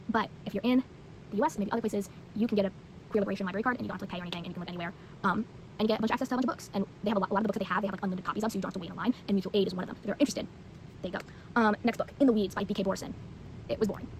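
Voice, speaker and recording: Teen girl vlogger, very fast and rambling, filler-heavy casual chat, faint hiss behind. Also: mid-range voice, low-quality recording. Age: teens. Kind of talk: casual book review chat.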